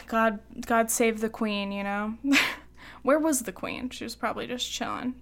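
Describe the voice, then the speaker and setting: A woman's voice: a little high, a little slow, fairly bright tone. A young adult woman co-hosting a podcast in casual chat, chatty and giggly, with lots of ums and likes. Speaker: podcast co-host.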